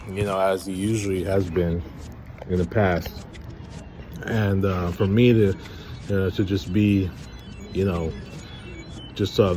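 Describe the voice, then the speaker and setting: Weary rambling man, lowish voice. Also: background noise. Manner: halting, rambling, weary and frustrated. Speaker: vlogger. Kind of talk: casual rambling monologue.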